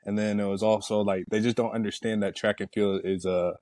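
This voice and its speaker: Low, warm male voice; laid-back athlete guest, easygoing rambling delivery, dry close recording. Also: fairly quick, no room sound. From United States. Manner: relaxed, rambling storytelling with many fillers. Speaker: Olympic sprinter guest. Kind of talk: casual interview talk.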